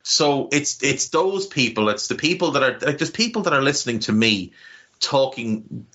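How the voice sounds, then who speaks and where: A man's voice: mid-range voice, sing-song, normal speed, a bit bright, highs cut off. A man with a Navan Irish accent, co-hosting a podcast in casual chat, rambling and heartfelt with many restarts and casual swearing. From Ireland. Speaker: podcast co-host.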